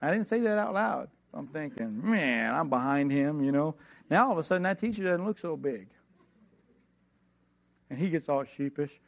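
A preacher, a man, telling a family story from the pulpit. His voice sits a bit high and jumps up and down as he acts out the people in it, and he laughs along with his own tale. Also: expressive, normal speed, vocal fry. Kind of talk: sermon with personal story.

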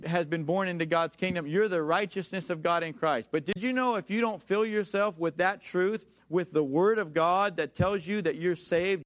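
A man preaching a sermon, repeating key phrases, reading scripture slowly and calling on the congregation to answer back. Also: sits high, fairly bright tone. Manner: calls for congregation responses.

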